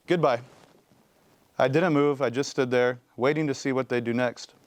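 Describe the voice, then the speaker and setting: Man reading a kids' novel aloud, expressive, smooth resonant voice. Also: medium pitch, brisk. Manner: expressive storytelling. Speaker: guest reader.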